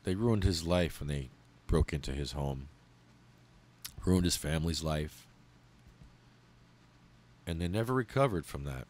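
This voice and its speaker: A man hosting a podcast, reading out a memorial list in a heartfelt, angry way, swearing and pausing as he falters. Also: very deep voice, animated, darkish tone. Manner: heartfelt, angry and profane, with halting pauses. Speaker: podcast host.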